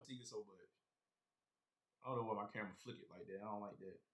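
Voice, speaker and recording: A man's voice: lowish voice, quick pace, fairly bright tone. Rambling man chatting on a live stream. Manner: rambling, talks straight to viewers. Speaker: sneaker collector streamer. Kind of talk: casual live-stream chat.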